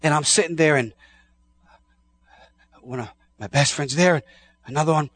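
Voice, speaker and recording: A husky, fairly high-pitched male preacher delivers a sermon with fervor. He surges into shouts and drops to near-hushed asides, stumbling over and repeating words as he presses his point. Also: moderate pace, no room sound. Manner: impassioned, swings from shouting to hushed. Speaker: pastor.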